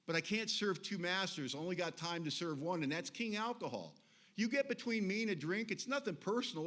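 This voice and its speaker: A man's voice: mid-range voice, a bit bright. A middle-aged man speaking at a recovery meeting, telling his story in a wry, confessional way that grows impassioned.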